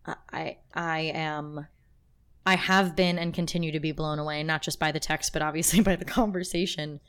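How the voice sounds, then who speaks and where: A woman's voice: low voice, steady tone, moderate pace, fairly bright tone, clean tone. A woman co-hosting a podcast, talking in a casual, emotional and rambling way with many restarts. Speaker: podcast co-host. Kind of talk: casual chat.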